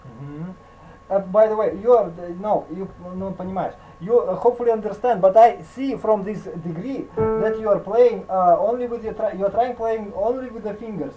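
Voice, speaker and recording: A man with a Russian accent teaching piano in a video call, speaking halting English mixed with Russian fillers and scatting melodies. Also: sits high, rough recording. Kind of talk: online piano lesson.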